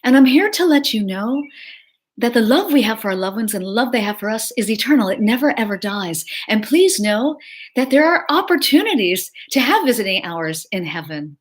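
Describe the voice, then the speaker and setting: A middle-aged woman giving an earnest, emotional personal testimony, slowing down for emphasis. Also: fairly high pitch, sing-song. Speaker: speaker sharing a personal story.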